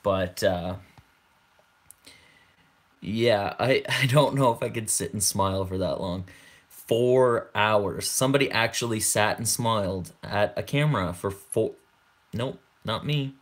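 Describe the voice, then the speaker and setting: A young man chats with viewers in a relaxed, unhurried way, his voice sitting fairly low. He circles back on his own words and laughs along as he goes. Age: 20s. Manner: rambling, repeats words, laughs often. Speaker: channel host. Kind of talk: casual livestream chat.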